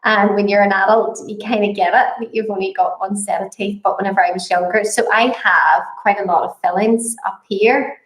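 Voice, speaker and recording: A chatty middle-aged woman talks casually to her viewers, greeting them by name between stories. Her voice sits at an ordinary pitch for a woman. It carries the echo of a room at home. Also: steady tone, moderate pace, few pauses. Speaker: cake decorating vlogger. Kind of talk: casual live chat. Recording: echoey room.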